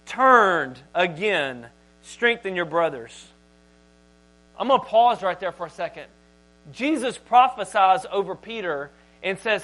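A man with a high voice delivers a sermon in a church, preaching with animated emphasis. His volume rises and falls sharply as he drives his points home. A low mains hum sits beneath the recording. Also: normal speed, poor audio. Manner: animated, emphatic delivery with big swings in loudness.

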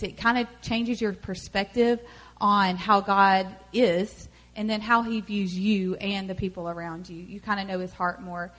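A woman speaking in a church talk, chatty and relaxed, with plenty of "you know" and "um" as she teaches. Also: medium pitch. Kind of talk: sermon.

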